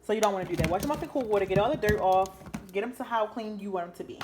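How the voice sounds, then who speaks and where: A woman's voice: mid-range voice, very fast. Chatty lady doing a cooking vid at home, kitchen noise going behind her. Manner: chatty, talks to viewers as "guys". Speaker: home cook vlogger. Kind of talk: casual cooking tutorial.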